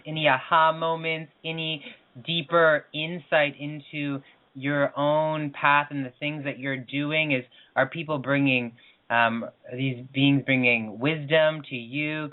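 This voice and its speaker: A man's voice: fairly high pitch, fairly even intonation, a little slow. A man co-hosting a spiritual talk show, who speaks in an earnest, gushing way and asks his guests questions. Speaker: co-host, interviewer. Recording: tinny phone line.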